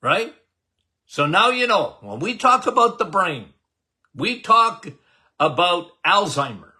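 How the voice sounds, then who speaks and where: An older male doctor hosts his health podcast in a casual, folksy way, pressing his points by repeating them. His voice sits fairly high and bright. He speaks slowly and deliberately, leaning on each phrase. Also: very animated. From Canada. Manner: emphatic, repetitive, folksy, addresses listeners as guys. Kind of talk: casual health talk to listeners.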